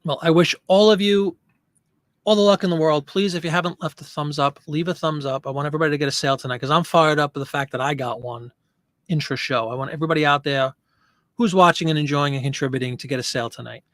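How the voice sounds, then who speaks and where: A man's voice: a little high, quick pace, fairly bright tone, no echo, clean studio sound. Chatty man hosting a live stream. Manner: chatty, reads and answers viewer comments. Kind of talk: casual live-stream chat.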